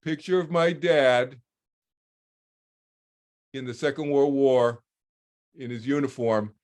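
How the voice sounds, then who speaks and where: A man's voice: medium pitch, fairly even intonation, takes it slowly, a little mellow. A man in his sixties telling a personal story as a guest on a video call, rambling with repeated words and restarts. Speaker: guest speaker.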